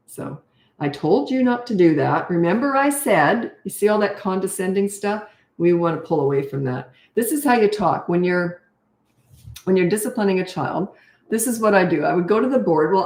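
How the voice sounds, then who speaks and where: A woman's voice: lowish voice, a little mellow. An older woman who coaches parents, giving blunt, matter-of-fact advice in a casual question-and-answer talk and laughing often. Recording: roomy echo.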